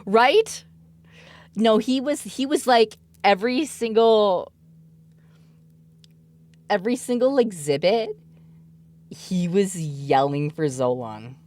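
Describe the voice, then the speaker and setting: A woman's voice: medium pitch, animated, takes it slowly, long pauses, a little mellow. A woman in her thirties, a mother streaming, chatting casually and giggling often as she tells stories. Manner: giggly, laughs often while telling stories. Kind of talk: casual chat.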